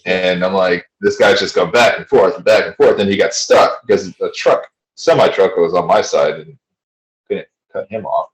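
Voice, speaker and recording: A man with a neutral American accent hosts a laid-back chat, spinning blunt, profanity-laced stories. His voice sits very low, and the recording rings with a roomy echo. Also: moderate pace. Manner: blunt, swearing storyteller. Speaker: podcast host. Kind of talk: casual chat.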